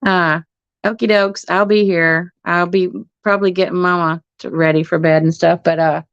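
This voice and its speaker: A woman's voice: on the low side, fairly even intonation, normal speed, clean tone, no room sound. A middle-aged woman, hosting a casual livestream from her phone at home, laughing often and swearing casually. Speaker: livestream host. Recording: muffled phone stream audio.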